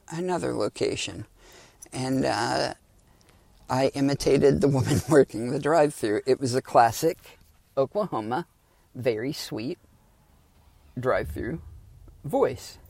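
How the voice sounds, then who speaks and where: A man's voice: mid-range voice, gravelly, a little mellow, no echo. A man hosting a solo podcast in a sardonic, rambling, casual way, swearing freely, recorded on a phone in a parked car. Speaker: podcast host. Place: back seat of a parked car.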